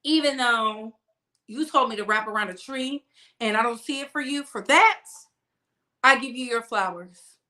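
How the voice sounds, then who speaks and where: A woman's voice: on the high side, normal speed, bright, forceful tone. A young woman hosting a celebrity gossip channel, giving sassy, emphatic commentary and drawing out words for effect.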